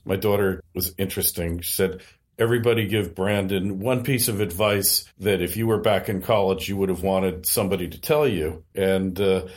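Low-voiced middle-aged man agreeing. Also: normal speed, a little mellow. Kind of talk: casual chat.

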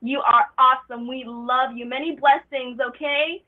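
A woman's voice: high voice, fairly even intonation, moderate pace, a crowd in the background. A young woman calling in to a radio show, effusive and emotional, saying "like" a lot. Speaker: caller. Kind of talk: phone call-in chat. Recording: tinny phone line.

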